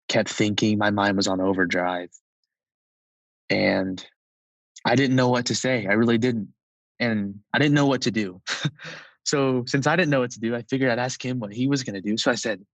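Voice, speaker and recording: A man of twenty-one, a podcast guest, telling a personal story in a relaxed, chatty way with frequent fillers. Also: on the low side, normal speed, no room sound, muffled recording.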